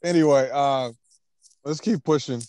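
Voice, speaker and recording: A man's voice: medium pitch, measured pace, warm tone, dry recording. A man hosting a casual pop-culture podcast. He is laid-back, laughs often, and keeps moving the show along to the next topic. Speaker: podcast host.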